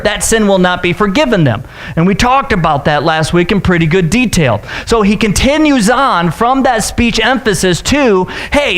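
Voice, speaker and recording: A male pastor preaching a sermon in a casual, joking way, with sudden high-pitched outbursts. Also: a bit bright.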